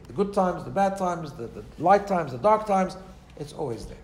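A man's voice: high voice, animated, moderate pace, a little mellow. A man giving a Torah class with an Orthodox Jewish English and Ashkenazi Hebrew accent. He talks in a chatty way, repeats words and keeps asking "right?". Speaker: Torah teacher.

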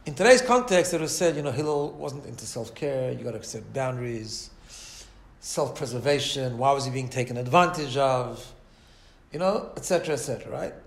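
A man's voice: medium pitch, fairly quick, vocal fry, reverberant. A man teaching a Torah class in a conversational way, often asking "right?" and acting out the voices in his stories. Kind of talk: Torah lecture.

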